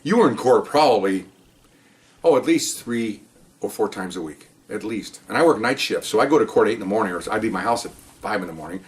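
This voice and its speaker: A man's voice: fairly low pitch, animated, a little fast. An older man, a police officer, telling rambling stories in casual chat and often checking in with "okay?". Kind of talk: casual storytelling.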